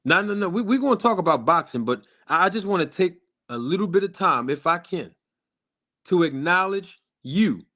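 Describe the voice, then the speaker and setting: A man hosting a boxing channel's live stream, speaking emphatically and repetitively straight to his viewers, slowing down to stress his points. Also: high voice, animated, bright, forceful tone. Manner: slows down for emphasis on key lines. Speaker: boxing YouTube channel host.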